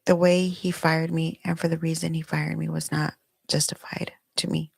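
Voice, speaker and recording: A woman's voice: low voice, level tone, moderate pace, creaky, darkish tone, husky, dry recording. A middle-aged woman hosting her own podcast, telling a personal story candidly and emotionally while recording herself at home. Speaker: podcast host. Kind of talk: personal confessional monologue. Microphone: recording herself on video.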